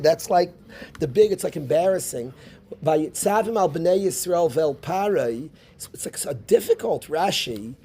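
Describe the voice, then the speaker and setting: Animated rabbi with a mellow, higher voice. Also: male voice, slightly rough. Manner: animated, full of rhetorical questions and repetition; mixes Hebrew terms into English. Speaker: rabbi teaching a class. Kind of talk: informal Torah lecture.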